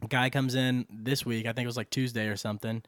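A man in a casual podcast chat tells a story from work with a lot of swearing. His pitch sits in the middle for a man. The sound is dry and close. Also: fast, no room sound. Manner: animated, profane storyteller who acts out quotes. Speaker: podcast co-host.

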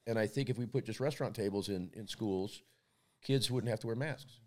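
A man's voice: on the low side, a little fast. A man co-hosting a podcast in casual chat, telling blunt, profane stories and often repeating words as he goes. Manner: storytelling, repeats words while he talks. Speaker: podcast co-host.

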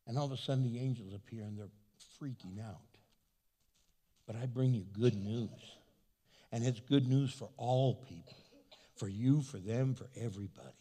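A man preaches a sermon from the pulpit, lively and storytelling, slipping into other people's voices as he quotes them. His voice sits at an ordinary male pitch. It carries a long reverb from a large church hall. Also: brisk. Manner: animated, acts out quoted voices. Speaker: pastor.

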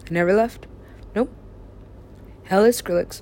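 A woman's voice: medium pitch, moderate pace, dark tone. A woman recording herself in a rambling solo monologue, talking to herself and swearing casually. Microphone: self-recorded.

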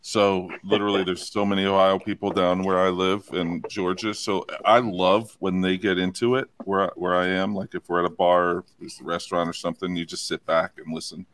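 A man chatting on a casual podcast in an animated, jokey way. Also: low-pitched, a little fast, few pauses.

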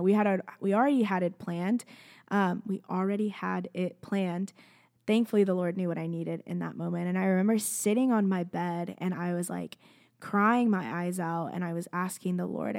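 A woman's voice: medium pitch, vocal fry. A young woman telling a personal faith story to camera, earnest and chatty, with "like" in nearly every phrase. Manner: chatty, earnest, fills speech with "like". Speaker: faith vlogger. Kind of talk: casual personal testimony to camera.

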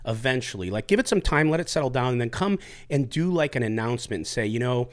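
A man's voice: mid-range voice, lively intonation, fast. A middle-aged man hosting a podcast, joking and swearing, with long rambling lead-ins to his questions. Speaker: podcast host. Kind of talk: casual podcast chat.

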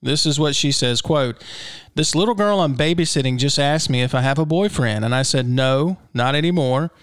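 A man's voice: mid-range voice, normal speed, clear, resonant tone, dry recording, studio quality. A man hosting a podcast in a casual, comic way, reading odd news and stories and laughing through rhetorical asides. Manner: chuckling, jokey, rhetorical asides. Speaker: podcast host.

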